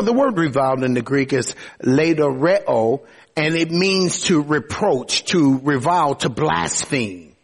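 A man's voice: a little high, vocal fry, husky. A man preaching a sermon expressively, often opening his sentences with "oh". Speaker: pastor.

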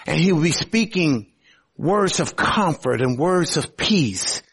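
Male pastor, sermon, husky and slightly high, emphatic conversational delivery. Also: animated, takes it slowly. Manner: emphatic, conversational preaching with sudden swings in loudness.

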